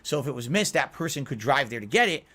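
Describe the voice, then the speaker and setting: A man's voice: mid-range voice, big pitch swings, fast talker, bright, forceful tone. A man telling a story on a commentary podcast, acting out both sides of his phone calls.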